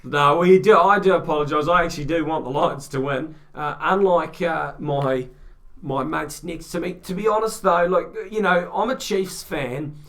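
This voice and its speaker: A man with a New Zealand accent doing excitable, joking amateur play-by-play rugby commentary. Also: a little high, normal speed. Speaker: fan commentator.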